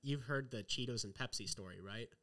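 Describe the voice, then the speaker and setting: Animated young man telling a story. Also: medium pitch, a little fast. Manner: animated storyteller, acts out quotes, heavy use of "like". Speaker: podcast guest. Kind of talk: casual storytelling chat.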